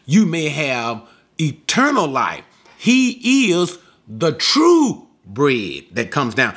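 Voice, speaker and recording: Man, Bible teacher, slow deliberate pace, emphatic, rhetorical questions, close mic. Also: on the high side, a bit bright. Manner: emphatic, asks rhetorical questions and answers them.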